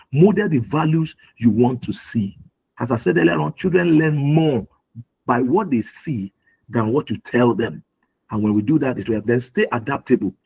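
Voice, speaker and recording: A man's voice: mid-range voice, gravelly, a little mellow, slightly rough, rough recording. A middle-aged man from Nigeria giving an earnest talk on parenting at a webinar, often repeating his key phrases for emphasis. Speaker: webinar speaker.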